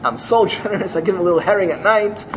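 A stingy middle-aged farmer bursts out in loud, outraged complaint, as a man puts him on in a told parable. His voice climbs high and sharp when he protests. He sounds sure he is the wronged one. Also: fast, background noise, natural voice. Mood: self-justifying.

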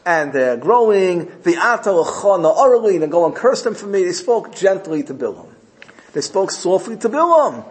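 A man giving a Torah class, reading Hebrew verses and translating them line by line with emphasis. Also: on the high side. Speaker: Torah teacher.

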